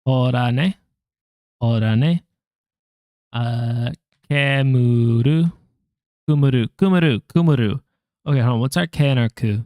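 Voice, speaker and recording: A man's voice: mid-range voice, a little slow, pauses often, mellow, dry recording, clean studio sound. A young man in casual self-talk, sounding out syllables one by one and joking at his own mistakes to viewers. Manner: muttering syllables, self-deprecating jokes, chatting to viewers. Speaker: language learner vlogger. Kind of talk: casual self-talk while drilling flashcards.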